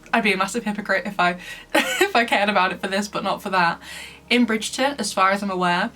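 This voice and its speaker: A woman's voice: medium pitch, a bit bright, a little hiss or hum. A woman from Lancashire giving a casual review commentary in a chatty way, laughing often between points. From Lancashire, England. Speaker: book reviewer.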